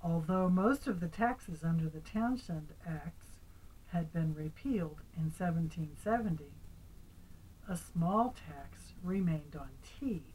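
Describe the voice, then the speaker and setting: An older woman reading a picture book aloud to her grandchild, gentle, asking the child little questions, sometimes dropping into a whisper. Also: on the low side, lively intonation, slow, slight background noise, low-quality recording.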